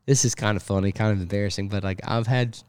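A young adult man hosting a casual fishing podcast, rambling and repeating words, and getting animated when he tells a story. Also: on the low side, a little fast, smooth, dry recording. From Sneads Ferry, North Carolina. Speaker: podcast host, fishing guide captain.

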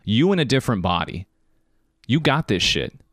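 A man's voice: medium pitch, normal speed, no echo, studio quality. A man hosting a podcast stream, giving casual motivational talk and speaking directly to his viewers. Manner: animated, preachy, talks to viewers directly.

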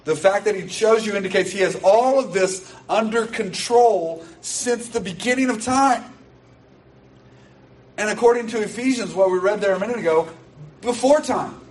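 A man's voice: high-pitched, normal speed, a little mellow. A man preaching a sermon in an earnest, emphatic way, repeating key phrases to drive them home. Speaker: pastor. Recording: distant mic with faint background noise.

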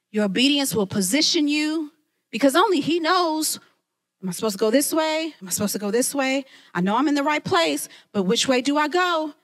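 A woman who leads a ministry, preaching a lively sermon and talking straight to her listeners. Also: fairly high pitch. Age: adult, mother of children. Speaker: women's ministry leader.

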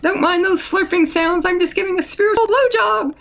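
A woman's voice: very high voice, brisk, gravelly, fairly bright tone, lo-fi sound, pitched above the performer's own voice, full character voice. A woman voicing a prim, sweet little old lady with a cheeky, mock-innocent manner.

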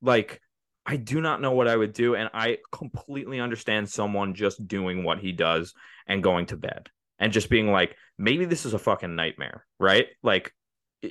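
A man's voice: on the low side, steady tone, moderate pace, fairly bright tone, dry recording. A man co-hosting a casual movie podcast, rambling through the plot with many restarts and fillers. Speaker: podcast co-host.

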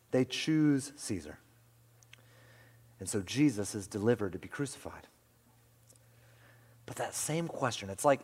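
Preacher with dramatic hushed whispers. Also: male voice, medium pitch. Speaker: pastor. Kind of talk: sermon. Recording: long hall reverb.

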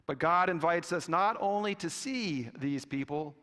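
A man preaching a sermon with a slow, deliberate delivery and long pauses. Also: fairly high pitch, bright, forceful tone. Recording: long reverb of a church hall.

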